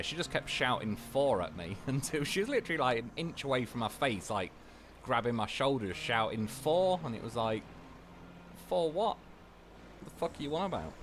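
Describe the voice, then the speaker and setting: A man's voice: mid-range voice, a bit bright, a little hiss or hum. A young man livestreaming a game, chatting casually and rambling through anecdotes, swearing freely. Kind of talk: casual chat while gaming.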